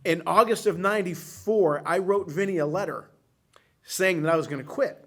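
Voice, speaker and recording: A male co-host tells a long story with a lot of feeling, rambling from one detail to the next. His voice is a little higher than most men's. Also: moderate pace, a bit bright. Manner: rambling, heartfelt. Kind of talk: emotional storytelling.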